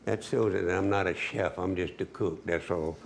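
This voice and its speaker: A man's voice: sits low, normal speed, vocal fry, a little hiss or hum. A man giving a cooking demonstration as a home cook, folksy and chatty, talking straight to the viewer.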